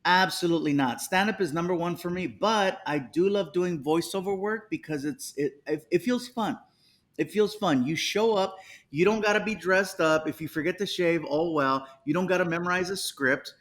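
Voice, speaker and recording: A man's voice: high-pitched, moderate pace. A man, a comedian guest, telling stories in a casual interview and acting out the people he quotes. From United States. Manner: animated, acts out quotes with voices.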